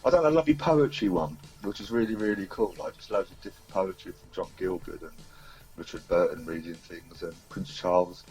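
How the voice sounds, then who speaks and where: Easygoing low-voiced male guest. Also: brisk, darkish tone, poor audio. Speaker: guest, singer-songwriter. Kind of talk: casual interview chat.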